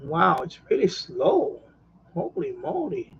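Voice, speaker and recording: A New York–accented man rambles conversationally during a live stream about his radio hobby, going over the same points and laughing softly a lot. He speaks slowly in a high, creaky, somewhat breathy voice with huge pitch swings, and the recording loses its high frequencies.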